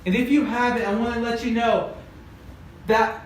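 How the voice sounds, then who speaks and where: A man's voice: very high-pitched, steady tone, normal speed. A man preaching a casual youth-group sermon, retelling a Bible story in a loose, conversational way with many fillers. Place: church youth group room. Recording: very echoey room, distant mic, faint noise.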